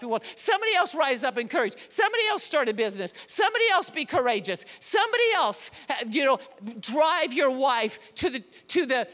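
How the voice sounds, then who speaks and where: Sex: woman. Role: preacher. Style: animated, conversational sermon. Pitch: high. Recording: long reverb of a church hall. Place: church sanctuary.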